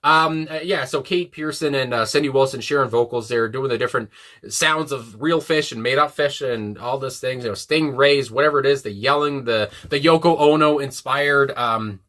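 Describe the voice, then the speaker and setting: A man's voice: mid-range voice, moderate pace, bright, forceful tone. A man casually reviewing a song, rambling and enthusiastic, with many fillers and restarts. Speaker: music reviewer.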